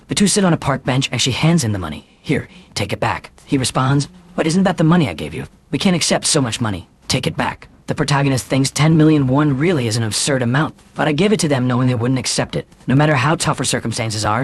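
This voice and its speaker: Male narrator, rapid-fire scripted recap, slightly husky, mid-pitched. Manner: rushed, even delivery with quick quoted dialogue. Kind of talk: fast scripted story recap, reading all parts.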